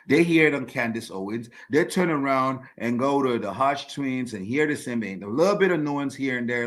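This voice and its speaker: A man's voice: mid-range voice, a bit bright. A man hosting his own podcast, delivering an emphatic opinion monologue and repeating words as he builds his points. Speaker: podcast host.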